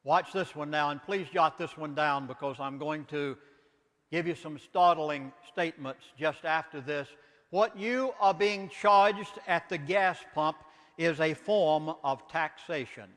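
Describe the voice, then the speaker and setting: A man's voice: on the high side, unhurried, a bit bright, big-room sound. A man with a Southern US accent, a minister giving an impassioned lecture in an emphatic, preacherly manner, full of rhetorical questions.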